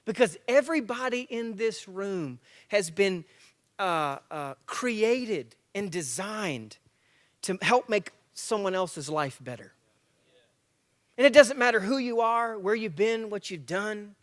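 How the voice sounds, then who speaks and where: High-voiced man giving a lively motivational talk. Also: slow pace. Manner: lively storyteller acting out dialogue; jokey, self-mocking. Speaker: guest speaker. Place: live men's breakfast in a church.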